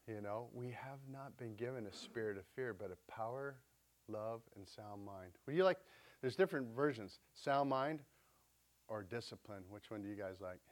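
A man's voice: on the low side, lively intonation, normal speed. A man preaching a conversational sermon, retelling scripture stories in an everyday way and putting questions to his listeners. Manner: chatty, asks the congregation questions, retells scripture.

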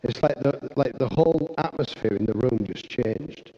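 A man preaching a sermon, telling a personal story earnestly and growing excitable, with frequent restarts. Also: mid-range voice, normal speed, muffled recording. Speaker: pastor.

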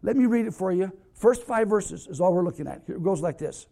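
A man's voice: high-pitched, expressive, fairly quick, vocal fry, mellow. A man preaching a sermon as a pastor in a church, earnest and emphatic, repeating key phrases to drive them home. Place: church sanctuary.

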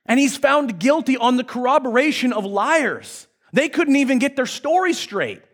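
A man preaches a sermon as a pastor, with a strikingly high voice. He tells the story like casual talk, and his pitch rises and falls in wide, animated swings. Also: moderate pace.

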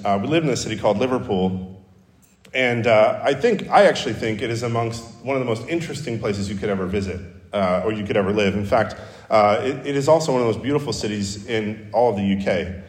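A pastor preaching a sermon in a conversational, storytelling way, with self-deprecating humor. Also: male voice, on the low side. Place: church sanctuary. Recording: roomy hall reverb.

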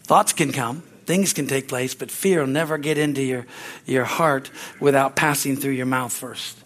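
A man's voice: mid-range voice, fairly even intonation, moderate pace, fairly bright tone. An older man preaching a sermon as pastor, in a folksy, conversational way with frequent chuckles, speaking in a church. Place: church sanctuary.

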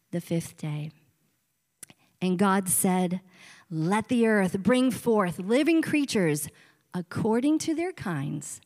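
A woman reading scripture aloud in a measured, reverent way. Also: fairly high pitch. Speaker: scripture reader. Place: church sanctuary. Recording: reverberant hall.

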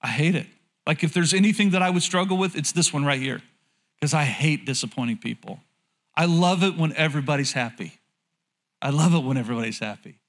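A man preaching a sermon to his congregation in a hall, in a candid, lightly joking way, repeating phrases and asking the room questions. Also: a little high. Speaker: pastor.

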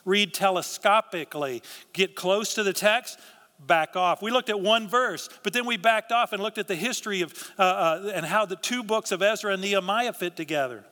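A man gives a sermon as pastor of a church, speaking at a moderate pace in a bright, forceful voice a little higher than average for a man. He's earnest and conversational, often restarting his phrases, while the big hall's long reverb carries the sound.

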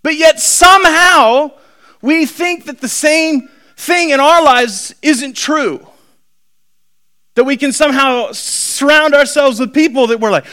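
A pastor preaching a sermon, animated, acting out quoted voices and swinging between shouting and quiet asides. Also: male voice, extremely high pitch, slow.

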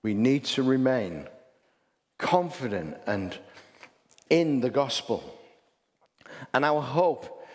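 Hull-accented preacher guy, mid-pitched, asks the room lots of questions, big echoey church hall. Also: sing-song, slow, pauses often. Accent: Hull English. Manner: conversational preaching with rhetorical questions and restarts. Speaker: pastor. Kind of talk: sermon. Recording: long hall reverb.

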